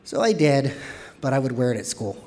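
A man in his thirties, from Texas, telling a candid personal story on stage with wry humor and lively quoted voices. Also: mid-range voice, brisk.

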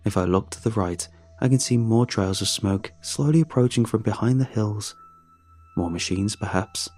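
A man's voice: lowish voice, darkish tone. A man narrating a first-person adventure story in a wry, conversational way, speaking the lead's lines himself.

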